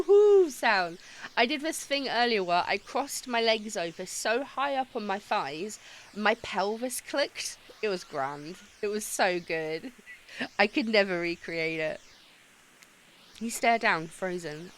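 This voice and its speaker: A woman streaming a dating game, chatting excitably and swearing freely as she reads the story text aloud. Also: mid-range voice, a little hiss or hum. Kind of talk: let's-play commentary and reading game text aloud.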